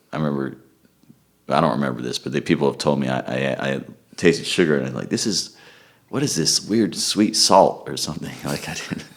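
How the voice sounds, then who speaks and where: A man being interviewed, talking in a relaxed, rambling way and often restarting with repeated words. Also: rumbling low. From United States. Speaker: guest musician. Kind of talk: casual interview chat.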